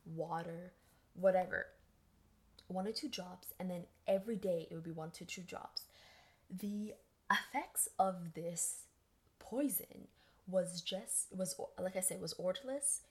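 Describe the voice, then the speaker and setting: A woman's voice: fairly low pitch, moderate pace. A woman hosting a podcast, telling a story in a casual, chatty way and acting out quoted voices. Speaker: podcast host.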